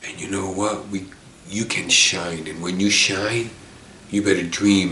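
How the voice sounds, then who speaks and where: Deep-voiced man, earnest tearful storyteller. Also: moderate pace, sharp tone, reverberant, a little hiss or hum. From Chicago, USA. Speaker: author telling his life story. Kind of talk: emotional personal monologue.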